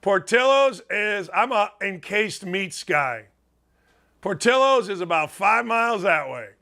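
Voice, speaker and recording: An older man from Indiana hosting a sports talk show, his voice high and bright. He talks in an emphatic, folksy way and keeps wandering off on tangents. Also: lively intonation, unhurried, creaky. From Gary, Indiana.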